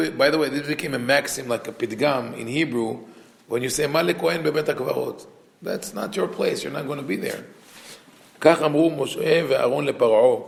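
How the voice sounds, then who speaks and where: A man, a rabbi, teaching a Torah class, reading Hebrew text quickly and then explaining it in a conversational way. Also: mid-range voice, vocal fry. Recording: echoey room.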